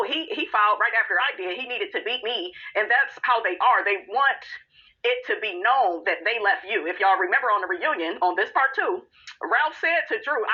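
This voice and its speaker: A woman's voice: medium pitch, highs cut off. A woman hosting a podcast, giving sassy, blunt and profane commentary and calling her listeners honey and y'all. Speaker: podcast host recapping a reality show. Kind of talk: casual commentary.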